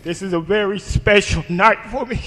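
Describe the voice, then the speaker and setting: A man who works as a security guard speaks with deep emotion and a heartfelt manner, sighing as he talks to the congregation. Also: moderate pace, fairly bright tone. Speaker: security guard taking the shahada. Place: large mosque hall. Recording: long hall reverb.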